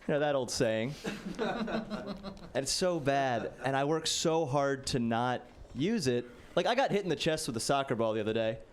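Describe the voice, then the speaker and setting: A man's voice: mid-range voice, lively intonation, moderate pace, a little hiss or hum. A man in his late twenties doing a casual, self-deprecating stand-up set, peppered with "like.". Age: late 20s. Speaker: stand-up comedian. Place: stage before a live audience.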